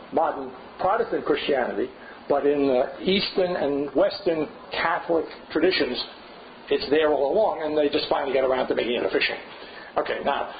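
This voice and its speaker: An older man gives a loose, digressive seminar talk, pondering aloud and prodding listeners with "right?" and "you see?". His voice sits a bit higher than most men's. The recording is dull and lo-fi, with a faint hiss underneath. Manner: digressive, thinking aloud, frequent rhetorical "right?". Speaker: seminar lecturer. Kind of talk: informal seminar lecture.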